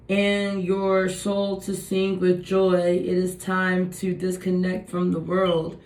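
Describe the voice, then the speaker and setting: A woman giving a casual tarot reading, musing and thinking aloud as she turns over the cards. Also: fairly low pitch. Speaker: tarot reader. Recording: echoey room.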